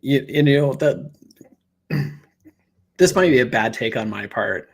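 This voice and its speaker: A man co-hosting a laid-back sports podcast, thinking aloud as he talks and leaning on fillers. His pitch is middle for a man, and the delivery is conversational. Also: animated, slow pace, creaky. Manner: rambling, many fillers like "you know". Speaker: podcast co-host. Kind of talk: casual sports chat.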